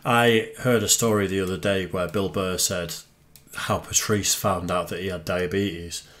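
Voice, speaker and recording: A man in his thirties hosting a reaction video, explaining things in a relaxed, casual way. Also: low voice, unhurried. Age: 30s. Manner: explanatory, relaxed, restarts sentences. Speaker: reaction channel host. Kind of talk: casual chat.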